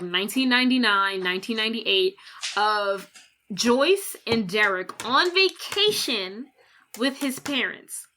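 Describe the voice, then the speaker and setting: A woman co-hosting a podcast, recapping a film plot in a lively, casual way, acting out characters' lines and swearing freely. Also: a little high. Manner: animated retelling with quoted voices and swearing. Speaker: podcast co-host.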